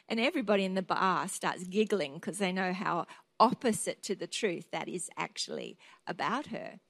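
A woman's voice: medium pitch, animated, normal speed, a bit bright, no room sound. A woman preacher delivering a sermon, passionate and declarative as she urges her listeners to act.

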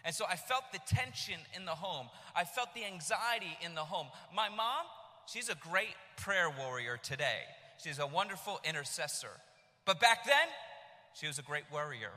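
A man in his thirties from the United States preaching a sermon, telling his story with animated bursts of shouting. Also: on the high side, moderate pace. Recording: long reverb of a large hall.

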